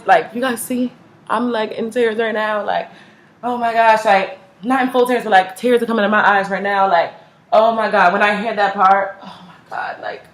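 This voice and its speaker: Gushing young woman in an echoey room. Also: mid-range voice. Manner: gushing, heavy use of "like" and slang. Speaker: music reaction vlogger. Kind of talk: casual reaction chat.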